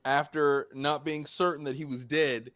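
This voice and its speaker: A man thoughtfully analyzing a tabletop game session in casual chat, quick to laugh. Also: on the high side, fairly even intonation, fairly bright tone, dry recording. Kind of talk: casual post-game discussion.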